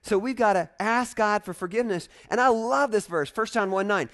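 A man preaching a sermon as a pastor, in an animated, conversational way with frequent asides to the congregation. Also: high voice, brisk.

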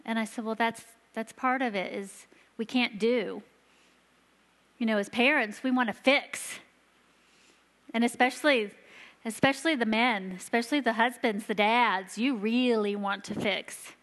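A woman giving a sermon to a church, telling stories earnestly and slowing down for emphasis. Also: a little high, fairly bright tone. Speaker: church children's ministry leader. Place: church sanctuary. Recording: long reverb of a large hall.

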